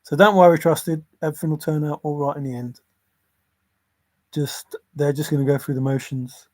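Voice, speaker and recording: A man's voice: a little high, flat delivery, normal speed, dry recording. A man hosting a casual livestream, rambling between topics, often chuckling and apologizing. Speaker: livestream host.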